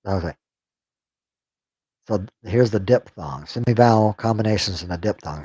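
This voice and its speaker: A man reading a text aloud on a stream, sounding out unfamiliar words haltingly and joking to himself. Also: on the low side, darkish tone, slightly rough, dry recording. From United States. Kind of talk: casual reading aloud on a livestream.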